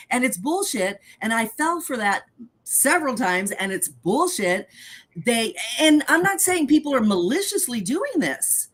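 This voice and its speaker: A woman's voice: a little high, sing-song, unhurried, a bit bright. A woman hosting a live podcast chat who speaks bluntly and emphatically about dating. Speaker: host.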